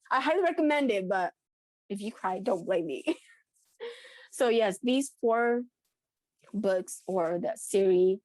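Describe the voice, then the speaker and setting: A woman's voice: mid-range voice, darkish tone, dry recording. Chatty woman podcast co-host, dry sound. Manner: chatty, laughs often, many restarts. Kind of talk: casual chat.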